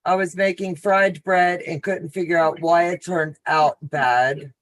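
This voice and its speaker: A woman's voice: fairly low pitch, fairly even intonation, measured pace, dry recording. A woman hosting a casual quilting livestream, chatting and reading viewer comments. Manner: friendly, reads viewer comments aloud.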